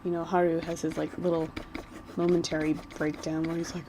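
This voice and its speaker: A woman's voice: low-pitched, flat delivery, a little fast, noisy background. A woman vlogger chatting casually while she doodles, rambling and giggling like a gushing fan.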